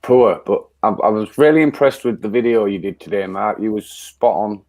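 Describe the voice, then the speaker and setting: A man's voice: fairly low pitch, normal speed, darkish tone, no echo. A man from England, a guest on a casual fan show, blunt and plain-spoken.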